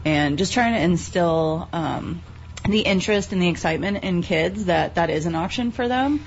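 A woman's voice: fairly low pitch, normal speed, slight background noise. A woman, talking about a youth farm program in casual, enthusiastic chat with many fillers, on a lo-fi recording. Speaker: youth agriculture program coordinator. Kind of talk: casual radio talk interview. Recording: dull lo-fi sound with faint ambience.

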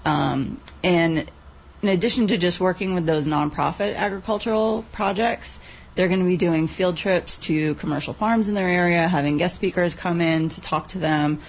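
A woman's voice: fairly low pitch, normal speed. A woman, talking about a youth farm program in casual, enthusiastic chat with many fillers, on a lo-fi recording. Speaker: youth agriculture program coordinator. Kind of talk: casual radio talk interview. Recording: dull lo-fi sound with faint ambience.

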